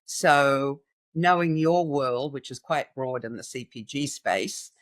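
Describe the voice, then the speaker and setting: A woman hosting a podcast interview, talking in a lively, enthusiastic way. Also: a bass voice, takes it slowly, dry recording. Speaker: podcast host. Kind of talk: conversational interview.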